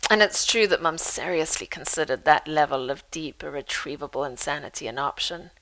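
A woman's voice: low voice, a little fast, poor audio. A woman author reading from her memoir and telling stories with dry humor. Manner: lively storyteller, dry humor.

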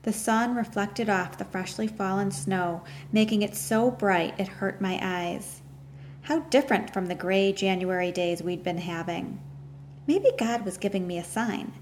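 A woman reading a first-person novel aloud in a measured, earnest storytelling voice. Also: medium pitch, darkish tone, a little hiss or hum. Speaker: audiobook narrator.

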